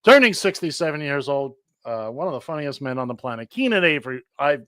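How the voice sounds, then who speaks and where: A man's voice: on the high side, sing-song, brisk, a bit bright, dry recording. A man hosting a radio show, reading birthdays in a joking, rambling way with many fillers. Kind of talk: casual radio chat.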